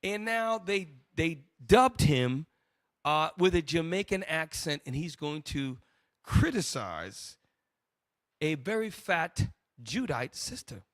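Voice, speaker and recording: A male host of a religious broadcast segment, talking in a loud, mocking, scolding manner. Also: a little high, big pitch swings, slow pace, dry recording, studio quality.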